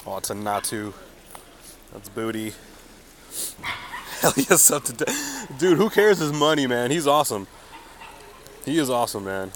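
A man's voice: medium pitch, animated, unhurried, pauses often, a little hiss or hum. Hyped slangy man streaming outdoors. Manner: hyped, slangy, says dude and man constantly. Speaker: mobile game streamer. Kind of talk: casual live-stream chat to viewers. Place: outdoors on a city street.

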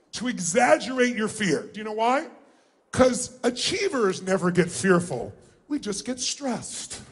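High-pitched, commanding male seminar speaker. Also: slightly rough. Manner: energetic, commanding, calls for audience responses. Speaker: motivational speaker. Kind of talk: live seminar instructing a large audience. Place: large hall before seven thousand people.

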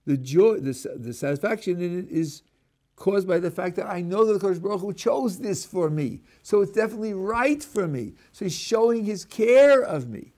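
An older man, a rabbi, giving a Torah lecture and acting out the speakers in his examples, sprinkled with Hebrew religious terms. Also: moderate pace. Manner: animated, acts out a speaker's voice, rising and dropping pitch. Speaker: rabbi teaching a class.

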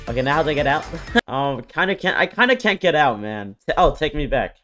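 A young man talks through a video game in a loose, excitable way, repeating himself and reacting out loud. His voice sits a little high for a man. Faint game music runs underneath. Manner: excitable, exclaims and repeats words, quick reactions. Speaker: gaming YouTuber. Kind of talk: casual gameplay commentary.

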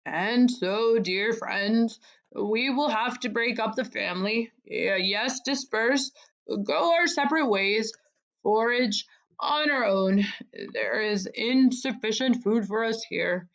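A woman's voice: on the high side, takes it slowly, poor audio. A woman doing a pompous, stammering old mouse.

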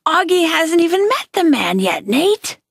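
A woman reading the part of a gentle mother who coaxes her son patiently. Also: very high-pitched, sing-song, a little slow, vocal fry, no echo, studio quality, pitched above the performer's own voice, full character voice. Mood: coaxing. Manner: coaxing, patient.

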